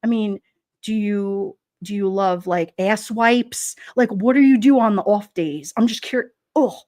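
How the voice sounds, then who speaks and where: A woman's voice: mid-range voice, a little slow, darkish tone, no room sound, studio quality. A woman streamer chatting casually on a livestream, reading out comments in a blunt, sassy, gossipy way.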